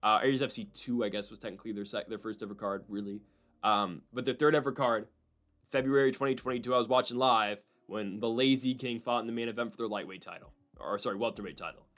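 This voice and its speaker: Guy doing mma picks on his channel, fired up and opinionated, mid-pitch voice, does little impressions. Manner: animated, opinionated, mimics people in quick asides. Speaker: MMA prediction channel host. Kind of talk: solo fight-prediction commentary.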